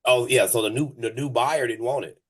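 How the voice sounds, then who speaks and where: A man's voice: mid-range voice, brisk. A man who runs a moving company tells a story on a casual podcast. He swears freely, stumbles over repeated words and laughs in the middle of it. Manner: animated, profane, laughs mid-story; many restarts and repeated words.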